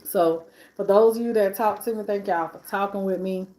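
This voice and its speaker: A woman's voice: mid-range voice, moderate pace, darkish tone. A woman hosting a live stream in casual chat, talking between bites while she eats and piling up repeated phrases for emphasis. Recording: echoey room.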